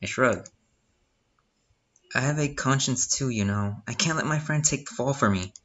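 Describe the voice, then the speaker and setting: Husky young man reading a game aloud. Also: mid-range voice, moderate pace, a bit bright, highs cut off. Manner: reads narration, breaks off with joking asides. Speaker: gamer reading a visual novel aloud. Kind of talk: casual live game reading.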